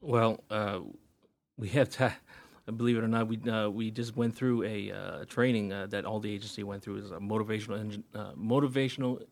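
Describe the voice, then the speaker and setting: A man working as a pretrial officer, answering interview questions hesitantly with many pauses. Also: lowish voice, steady tone, gravelly. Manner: hesitant, many fillers and restarts.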